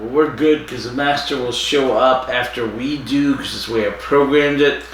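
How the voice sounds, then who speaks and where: A man co-hosting a podcast, recapping a plot in a slow, halting way with lots of fillers. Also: mid-range voice, steady tone, fairly bright tone, slight background noise. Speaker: podcast co-host. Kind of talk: casual chat recapping an episode. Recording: echoey distant room mic.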